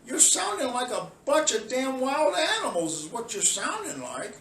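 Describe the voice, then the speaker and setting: High-voiced man ranting in an echoey room. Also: very animated, moderate pace, few pauses, slight background noise. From Chicago, USA. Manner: scolding, sarcastic, rising to shouts. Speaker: video commentator. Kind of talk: heated monologue rant. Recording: roomy sound, distant mic, faint ambience.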